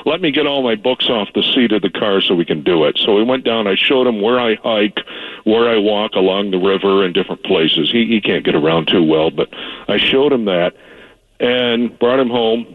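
A man's voice: fairly low pitch, moderate pace, dry recording. Older male caller on a tinny phone line. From New York. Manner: earnest and rambling, with many restarts. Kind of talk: phone-in conversation.

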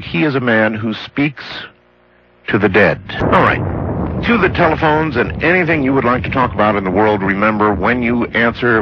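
A man's voice: lowish voice, breathy edge, dry recording. A man hosting a late-night call-in radio show, musing aloud with stammered restarts and dry jokes. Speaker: radio talk show host. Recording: dull lo-fi broadcast sound.

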